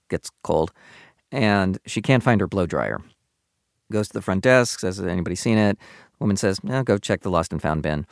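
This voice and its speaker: A man with a very deep voice narrates a radio documentary story. His delivery is measured and scripted. The sound is close and dry, with no room around it. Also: creaky, no echo. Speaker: radio producer and reporter.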